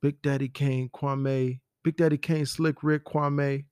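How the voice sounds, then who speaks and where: A man's voice: mid-range voice, flat delivery, takes it slowly, a little mellow, clean tone, no echo, clean studio sound. A man hosting a podcast, talking in a rambling, profane, conversational way. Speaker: podcast host. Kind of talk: casual solo commentary.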